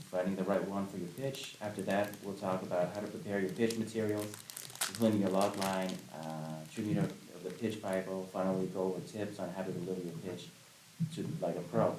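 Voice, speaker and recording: A man's voice: low-pitched, a little mellow, far from the mic. Hesitant male podcast host, echoey room. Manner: hesitant, many fillers. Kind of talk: casual group podcast. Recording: echoey room, faint hiss.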